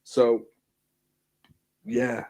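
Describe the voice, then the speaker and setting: A man's voice: extremely slow, a little mellow. A man hosting a stream, telling crude anecdotes with lots of swearing in casual chat. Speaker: stream host.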